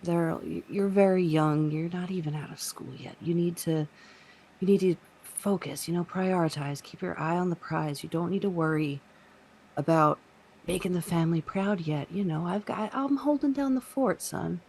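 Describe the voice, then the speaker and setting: A worried, protective middle-aged father who pleads in a rambling way, as a woman game master puts him on. His voice is low and gravelly with a husky edge, and it often drops to a hush. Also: normal speed. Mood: pleading.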